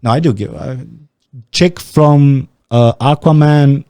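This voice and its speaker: A man's voice: medium pitch, takes it slowly, dark tone, clean tone, dry recording. A man from Romania, hosting a podcast in casual, rambling, profane chat. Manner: profane, rambling, blunt storytelling. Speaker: podcast host. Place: small podcast studio.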